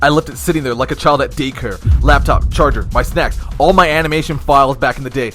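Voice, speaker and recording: A young man narrates an animated story time in a slangy, lively way. His voice jumps from loud excited bursts to low hushed asides. Faint music plays underneath. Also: fast.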